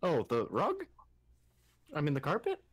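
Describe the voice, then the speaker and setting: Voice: mid-range voice, huge pitch swings, measured pace, breathy edge. A player in a tabletop game, joking around and making goofy in-character asides. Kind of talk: playing a tabletop game live.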